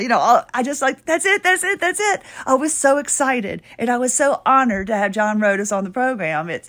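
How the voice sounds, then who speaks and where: A middle-aged woman hosting her own podcast, chatty and rambling with sudden excited bursts, while her voice is giving out. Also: medium pitch. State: losing her voice. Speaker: podcast host. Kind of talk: casual solo podcast talk.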